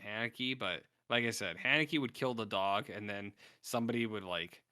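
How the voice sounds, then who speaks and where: A young man co-hosts a casual podcast, talking through a film in a loose, rambling way. His voice sits a little low with a bright, forward tone. The sound is dry and close. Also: normal speed, dry recording. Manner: rambling retelling with acted-out quotes. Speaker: podcast co-host. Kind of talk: casual film review chat.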